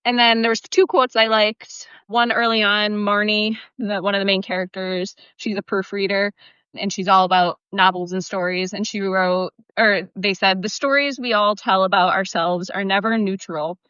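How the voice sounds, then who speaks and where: Female co-host, bright voice, chatty and animated, dry and somewhat muffled. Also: medium pitch, moderate pace, clean tone, no room sound. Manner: chatty, animated, many fillers. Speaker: podcast co-host. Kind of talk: casual chat.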